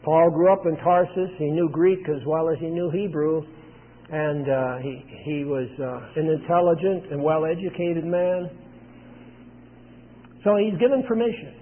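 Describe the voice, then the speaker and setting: A man preaching a sermon, retelling a scripture scene in plain storytelling with frequent pauses. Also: a little high. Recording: tinny phone-like sound with long hall reverb.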